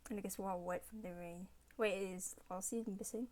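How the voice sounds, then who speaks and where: A woman's voice: mid-range voice, steady tone, fairly quick, a little mellow. A woman player asking the game master short questions about the scene. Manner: asks short clarifying questions.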